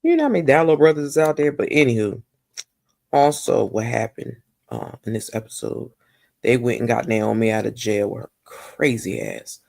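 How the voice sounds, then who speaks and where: A woman giving a casual, gossipy recap of a TV episode, animated and talking straight to her viewers. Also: extremely low pitch, normal speed, gravelly, dry recording, clean studio sound. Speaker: TV recap vlogger.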